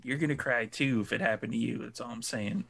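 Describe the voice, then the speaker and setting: A man playing his character in a tabletop role-play, gruff, laid-back and sarcastic. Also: mid-range voice, quick pace, a bit bright. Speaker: player.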